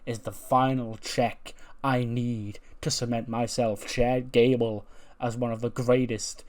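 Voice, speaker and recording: A man voicing a boastful male wrestler cutting a slow, deliberate, threatening promo. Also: mid-range voice, level tone, darkish tone, close to an everyday voice. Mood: boastful, menacing.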